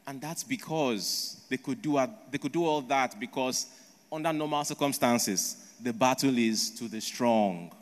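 A male preacher delivering a sermon as a story, asking rhetorical questions and checking in with "right?" along the way. His voice sits at an ordinary male pitch, and the long reverb of a large hall trails behind every phrase. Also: unhurried.

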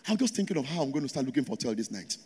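A man's voice: medium pitch, big pitch swings, rapid-fire, mellow, husky. A Nigerian man preaching a sermon to a congregation in a church auditorium, drawing call-and-response from the crowd. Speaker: pastor. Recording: long hall reverb.

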